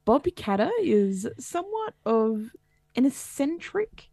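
Woman podcast co-host, casual and wry, gravelly voice, dry recording. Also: fairly high pitch, big pitch swings, unhurried, dark tone, no echo. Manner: wry, joking. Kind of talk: casual chat. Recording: dry close-mic sound.

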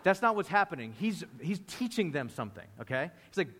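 A man's voice: sits high, a little fast, hardly any pauses. Man preaching in an echoey hall. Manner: animated, acts out voices of disciples. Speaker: pastor. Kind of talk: sermon. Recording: reverberant hall.

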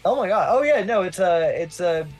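A man's voice: high voice, moderate pace, faint music behind. A man chatting as a guest critic over a video call, telling stories in a loose, profane way. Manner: profane, animated storyteller. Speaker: guest film critic and interviewer. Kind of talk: casual storytelling chat.

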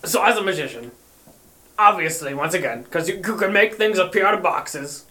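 High bright giggly man joking around. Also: expressive, brisk. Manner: giggly, playful, keeps laughing mid-sentence. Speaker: comedic podcast host. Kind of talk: improvised comedy banter.

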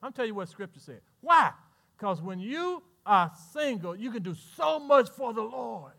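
His voice is extremely high, creaky, pushed and bright, with big pitch swings, as this middle-aged Southern American pastor preaches. He trades lines with imaginary congregants in rapid exchanges and laughs along with them.

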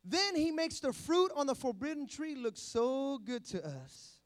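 A male pastor preaching a sermon, emphatic and building to loud exhortations. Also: very high-pitched, big pitch swings, a little slow.

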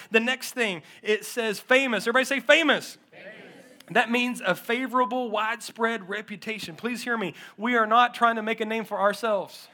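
A male pastor preaching a sermon, telling stories with lively acted-out quotes and frequent laughter. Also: high-pitched. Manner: animated storytelling, acts out quotes, often laughs.

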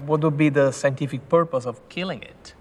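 A man's voice: a little high, fairly even intonation, brisk, a little mellow, lightly acted. An actor playing a skeptical man asking pointed questions at a press event, in a film clip.

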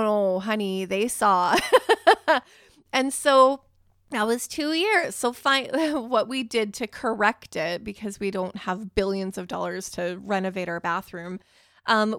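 A woman in her thirties telling a story in a casual, animated, dramatic way, swearing freely and saying "like" often. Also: mid-range voice, no room sound, clean studio sound.

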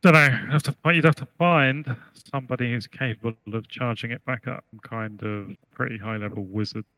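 A man's voice: medium pitch, sharp tone, no room sound, poor audio. A man narrating as game master in a tabletop game, casual and joking. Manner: casual, joking, quick asides.

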